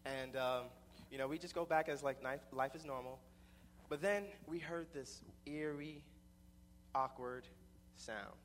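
A man's voice: medium pitch, unhurried, fairly bright tone, long reverb tail, a little hiss or hum. A young man telling a personal story in a rambling way, with many repeated restarts.

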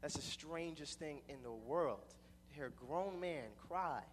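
A man's voice: on the high side, a little slow, in a large hall, a little hiss or hum. Rambling young man telling a story. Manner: rambling, with many repeated restarts. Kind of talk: personal storytelling.

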